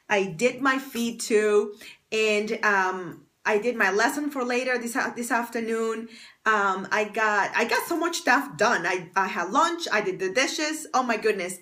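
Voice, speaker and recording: Bubbly bright-voiced woman livestreaming. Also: on the high side, unhurried. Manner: bubbly, chatty, repeats thanks to viewers by name. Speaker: fashion stylist and confidence coach, livestream host. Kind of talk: casual livestream chat greeting viewers. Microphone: external mic on phone stream.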